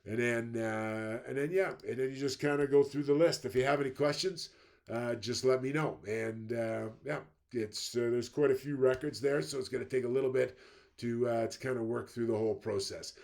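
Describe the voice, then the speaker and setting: A man giving a screen-recorded walkthrough, thinking aloud step by step and halting often with fillers. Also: mid-range voice, steady tone, gravelly, a little mellow. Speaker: instructor.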